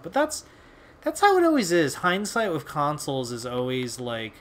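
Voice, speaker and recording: A man's voice: medium pitch, sing-song, normal speed, fairly bright tone, slight background noise. A young man hosting a video, telling a casual story in a rambling, laid-back way with lots of fillers and swearing. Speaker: video host.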